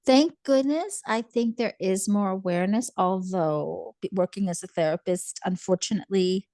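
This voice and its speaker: A woman's voice: medium pitch, normal speed, mellow, dry recording. A woman therapist talking in an earnest, reassuring way in a casual chat.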